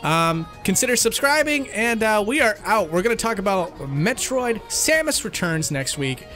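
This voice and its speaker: Bright, high-voiced man hosting a podcast. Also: very animated, normal speed, soft background music. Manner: upbeat, laughing often. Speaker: podcast host. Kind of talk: casual gaming chat.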